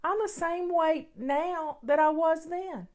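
Female show host, unhurried and affectionate, encouraging advice in a casual Q&A. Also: very high voice, a little mellow. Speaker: host answering viewer questions.

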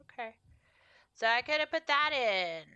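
A woman's voice: fairly high pitch, animated, moderate pace, sharp tone, clean tone, dull audio. A woman streamer chatting playfully through a game playthrough, joking and reacting as she goes. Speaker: gaming streamer. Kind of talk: let's play commentary.

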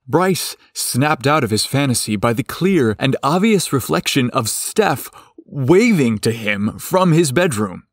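A man narrating a scripted story in a slow, expressive way. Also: mid-range voice, dry recording, clean studio sound.

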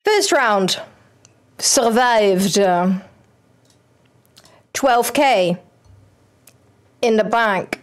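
A young woman, streaming a football manager game and chatting excitedly at it. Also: on the high side, very slow, long pauses. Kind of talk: casual game commentary.

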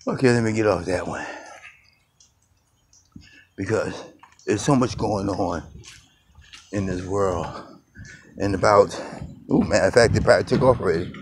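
Low-voiced man rambling on a walk. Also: moderate pace, pauses often. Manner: loose, conversational, greets passersby. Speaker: vlogger. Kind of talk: rambling walk-and-talk monologue. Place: outdoors on a neighborhood street. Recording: noisy outdoor phone recording.

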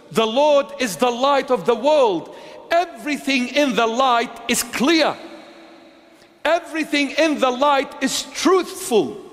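A bishop preaching a sermon in a church, emphatic and repetitive, swinging between loud insistence and hushed low phrases. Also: male voice. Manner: emphatic, repetitive, dramatic swings in pitch and loudness. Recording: long reverb of a large church.

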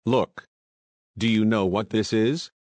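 A daring young woman sleuth, as a man puts her on leans in with sly, breezy talk and mock-American slang. The voice sits fairly low. It sounds dry and close. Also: steady tone, takes it slowly, a little mellow, no echo. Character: bold playful young woman sleuth, posing as an American detective.

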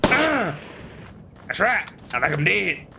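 A man's voice: high-pitched, very animated, slow pace, gravelly, noisy background, heavily acted. A man voicing a cocky, tough-talking baby soldier, swaggering and drawling as he taunts his enemies. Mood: taunting boast.

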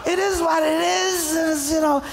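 A man's voice: extremely high pitch, fairly even intonation, moderate pace, vocal fry, noisy background, voice pushed up. A man putting on a whiny complaining churchgoer. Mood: exasperated. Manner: whiny, exasperated, shouting. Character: complaining man stuck in his troubles.

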